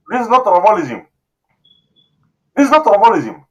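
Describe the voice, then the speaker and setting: A man's voice: wildly swooping pitch, normal speed, long pauses, highs cut off. A man hosting a talk show, talking with emotion, pleading and repeating himself. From South Sudan. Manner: emotional, pleading, repeats phrases, voice swings high and low. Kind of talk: impassioned call-in talk show.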